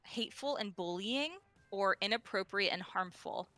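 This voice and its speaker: A woman with a bright, forceful voice chats on a gaming stream and gets excited easily. Her mic sounds close and dry, with no room around it. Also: mid-range voice, normal speed, no echo, soft background music. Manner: excitable, gasps at cute things. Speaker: stream guest. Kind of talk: casual gaming stream chat.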